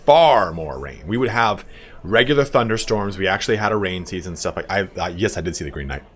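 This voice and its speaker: A man's voice: sits low, fast talker, a bit bright, a little hiss or hum. A young man from Southern California, chatting casually and rambling while he streams a game, swearing freely. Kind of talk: casual live gameplay stream chat.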